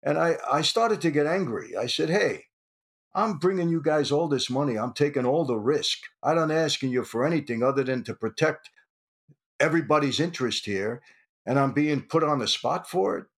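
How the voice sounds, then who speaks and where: An older man, an interview guest telling his story in an animated way and acting out the dialogue. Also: fairly high pitch, normal speed. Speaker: interview guest, former mobster.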